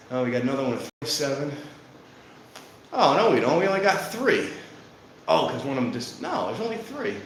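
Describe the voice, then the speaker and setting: Rambling, out-of-breath male streamer outdoors, background noise clearly audible. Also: mid-range voice, very animated, a little fast, pauses often, low-quality recording. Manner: rambling, self-deprecating, thinking aloud. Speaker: train-watching streamer. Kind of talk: casual live-stream chat. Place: outdoors at a train station in rain. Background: outdoor ambience, clear background noise.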